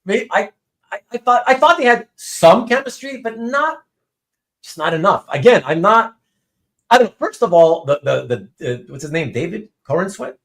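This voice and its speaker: A man hosting a casual live-stream chat, reading out viewer comments and talking in halting bursts full of ums and restarts. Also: high voice, big pitch swings, fairly bright tone.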